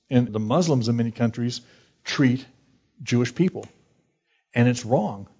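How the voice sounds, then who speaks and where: A man's voice: medium pitch, darkish tone, husky. A man teaching verse by verse from the Bible as a pastor, speaking in a plain, conversational way and reading scripture aloud. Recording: dull lo-fi recording.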